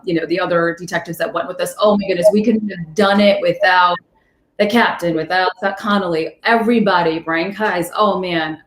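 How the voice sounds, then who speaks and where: A woman TV reporter telling stories in a casual interview, lively and animated, jumping up high in pitch when she acts out what people said. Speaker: TV news reporter, guest. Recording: echoey room.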